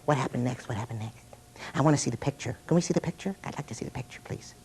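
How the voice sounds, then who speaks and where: A man doing a hushed pleading puppet. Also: mid-range voice, racing, a little hiss or hum, natural voice. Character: curious puppet pleading to see the picture.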